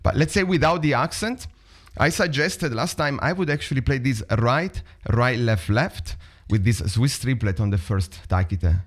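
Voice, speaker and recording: A man's voice: medium pitch, normal speed, few pauses, music in the background. A man with an Italian accent teaching a drum lesson over a video call, chatting and vocalizing rhythms aloud.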